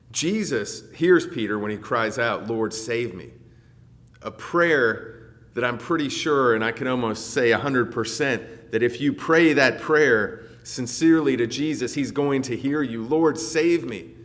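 A man preaches with a dynamic delivery, rising to loud, emphatic peaks and then dropping to a soft, reflective murmur. His voice sits at an average pitch, and a long reverb trails each phrase as if he is speaking in a large hall. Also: unhurried. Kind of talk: sermon.

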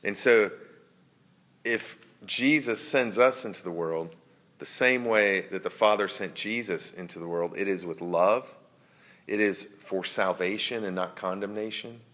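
A man preaching a sermon in an earnest, reflective way, sometimes dropping to a soft near-whisper for emphasis. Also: lowish voice, measured pace. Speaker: pastor.

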